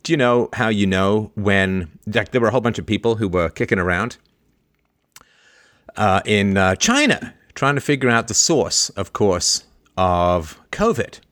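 A man hosting a livestream, chatting playfully, joking and laughing as he reads out viewer greetings. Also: unhurried. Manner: animated, jumps between high and low pitch. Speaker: host.

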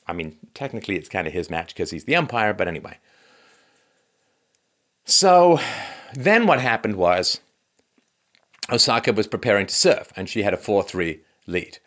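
A man hosting an opinion show, recounting events in a sarcastic, conversational way and dropping his voice low for wry asides. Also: a bit bright. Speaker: podcast host. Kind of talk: opinion commentary.

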